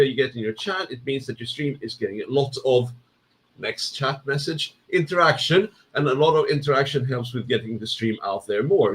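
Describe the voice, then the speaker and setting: A man hosting a casual livestream, chatting and reading out viewer messages with frequent laughs. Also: mid-range voice. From United Kingdom. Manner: laughs often, lively banter. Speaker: livestream host.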